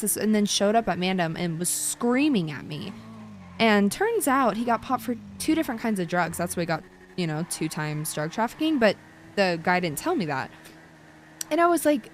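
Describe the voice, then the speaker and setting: A woman talking in character as a lawyer in a roleplay, in an easy, mid-pitched voice. She tells her stories in a loose, rambling way with plenty of fillers. Faint noise sits behind her. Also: sing-song, moderate pace. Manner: chatty, rambling storytelling with many fillers.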